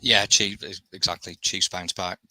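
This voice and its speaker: A man co-hosting a sports podcast, giving steady, matter-of-fact analysis with frequent ums. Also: sits low, normal speed, no room sound, low-quality recording. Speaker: co-host. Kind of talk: casual sports podcast chat.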